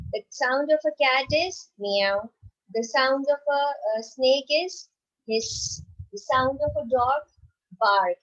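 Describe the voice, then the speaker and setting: A woman's voice: a little high, fairly bright tone. A woman teaching a recorded lesson to young children, patiently asking questions, answering them herself and checking in with "right?" again and again. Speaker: primary school teacher. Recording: dull lo-fi recording.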